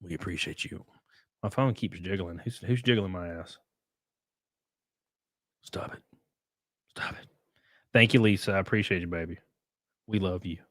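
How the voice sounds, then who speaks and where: A man's voice: low-pitched, a little fast, no echo, clean studio sound. A man chatting casually on a live stream, rambling and joking as he reads chat and reacts to clips. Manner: rambling, joking, lively asides.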